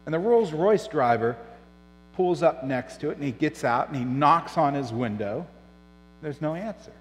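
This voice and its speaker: A middle-aged man preaching a sermon as pastor, telling stories and dropping soft and low on serious points. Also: lively intonation, moderate pace, big-room sound, faint music behind, rough recording. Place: church.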